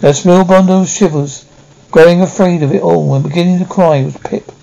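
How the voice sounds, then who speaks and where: A man reading a classic novel aloud, halting now and then to restart a word. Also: high-pitched, fairly even intonation, vocal fry, dark tone, lo-fi sound. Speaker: audiobook reader.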